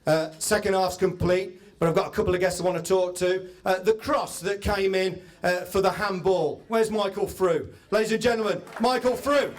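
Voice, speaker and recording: A man's voice: high voice, moderate pace, hardly any pauses. A man hosting a live event, telling comic stories to an audience and interviewing guests. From England. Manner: chatty, comic storyteller. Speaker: event host. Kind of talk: stage storytelling to an audience.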